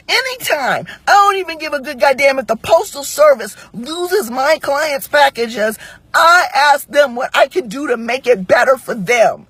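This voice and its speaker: A woman's voice: sits high, expressive, normal speed, fairly bright tone, no room sound. A woman in her forties telling a story in a blunt, profane, emphatic monologue to camera. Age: 40s.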